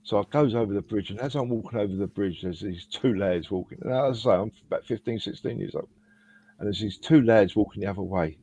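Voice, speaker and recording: A man's voice: on the low side, quick pace, dark tone, breathy edge. A man on a fan podcast panel, telling a rambling story in casual chat with frequent restarts. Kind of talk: casual anecdote. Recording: dull lo-fi sound.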